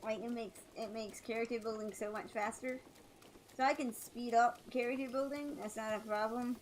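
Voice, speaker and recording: A woman's voice: on the high side, steady tone, moderate pace, a little hiss or hum, low-quality recording. A woman streamer chatting casually while she plays, rambling with many fillers and restarts. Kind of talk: casual chat while gaming.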